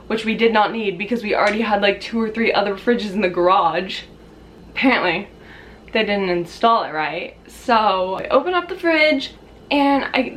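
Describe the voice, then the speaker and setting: A young woman vlogger telling a casual storytime, chatty with lots of fillers, acting out quotes in shrill high voices. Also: fairly bright tone, slight background noise.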